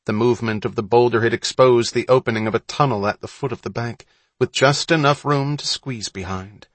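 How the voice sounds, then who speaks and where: A man narrating an audiobook story in a steady, measured way. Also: mid-range voice, no echo. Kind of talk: scripted narration.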